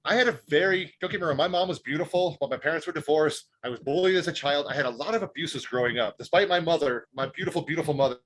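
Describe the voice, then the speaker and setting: Fast-talking husky man. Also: a little high. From Detroit, United States. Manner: animated, emphatic, repeats words when excited. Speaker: guest speaker. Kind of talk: personal storytelling in an interview.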